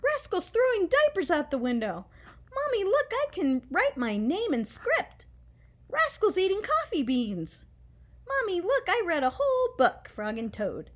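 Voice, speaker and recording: A woman voicing an excitable, imaginative little girl who pleads and yells. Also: unhurried, exaggerated voice. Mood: excited. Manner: high and eager, yelling and pleading.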